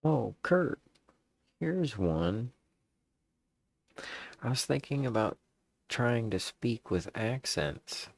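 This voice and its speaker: A man casually working out jokes in a deadpan way, stopping to rework punchlines. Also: mid-range voice, extremely slow, long pauses, no echo. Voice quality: gravelly, husky. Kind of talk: casual joke drafting.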